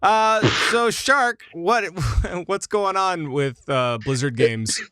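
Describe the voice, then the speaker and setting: Upbeat man, podcast host, smooth clear voice, dry close sound. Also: sits high, animated, sharp tone, no room sound. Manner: upbeat, quick short acknowledgments. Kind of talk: casual gaming news chat.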